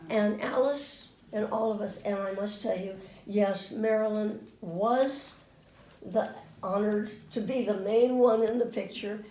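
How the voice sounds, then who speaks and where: An older woman getting over a cold, telling anecdotes to a small audience in a lively, animated way and acting out the voices. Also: medium pitch, measured pace, slight background noise. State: finishing a cold. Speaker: guest storyteller. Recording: roomy room, mic far off.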